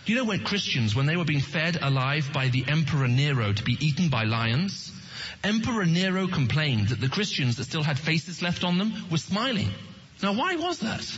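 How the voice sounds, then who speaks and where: Man, husky voice, earnest evangelistic speaker, asks audience questions, muffled lo-fi sound. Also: on the high side, sing-song, normal speed, fairly bright tone. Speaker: Christian apologetics speaker.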